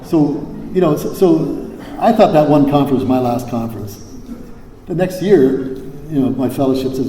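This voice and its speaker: A man's voice: medium pitch, normal speed, warm tone, a little hiss or hum. An older man from Hawaii speaking at a recovery convention, rambling with many fillers and restarts and some salty language. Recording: echoey hall, faint ambience.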